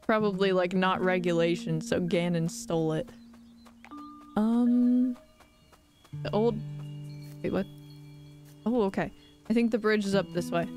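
An excitable woman chatting through a cozy game on a live stream. She gushes and gasps at every cute detail, at a middle pitch, while faint game music plays beneath her voice. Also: measured pace, long pauses. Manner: gushing and excitable, gasping at cute things.

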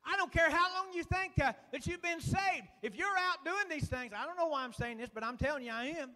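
A man preaching a sermon in a folksy, fervent way, dotting his lines with "uh" and dropping suddenly to a hush. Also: very high voice, brisk. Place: church sanctuary. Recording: long reverb of a church hall.

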